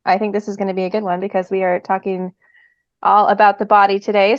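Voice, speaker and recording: A woman co-hosting a podcast, chatting in a bubbly, enthusiastic way and reading aloud warmly. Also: mid-range voice, flat delivery, quick pace, no echo. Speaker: podcast co-host. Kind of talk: casual podcast chat. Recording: dry, dull lo-fi sound.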